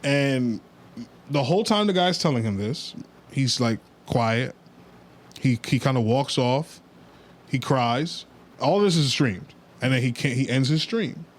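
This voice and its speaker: A man's voice: mid-range voice, animated, a little slow. A man hosting a podcast, recounting a story in casual chat with blunt, laid-back opinions. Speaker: podcast host.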